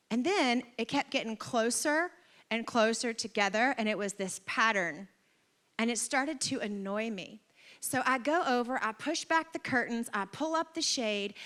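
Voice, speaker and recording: A woman pastor preaching a sermon in a church, telling stories in an animated way with humorous, exaggerated asides. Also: on the high side. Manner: animated storytelling with acted-out quotes.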